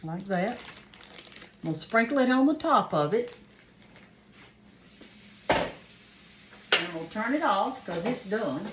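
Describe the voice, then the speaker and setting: A woman's voice: mid-range voice, lively intonation, takes it slowly, long pauses. An older woman from the American South with a Southern accent, chatting folksily to viewers while cooking in her home kitchen. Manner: folksy, homey, talks to viewers as y'all and honey. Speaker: cooking show host. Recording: kitchen noise behind voice. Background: frying and sizzling of cooking.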